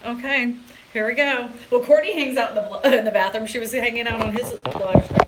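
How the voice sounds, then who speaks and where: A woman's voice: on the high side, fairly even intonation, a little fast, very noisy. A woman real estate agent chatting casually on a live stream from a hotel room, giggly and rambling, recorded on a phone. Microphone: phone camera.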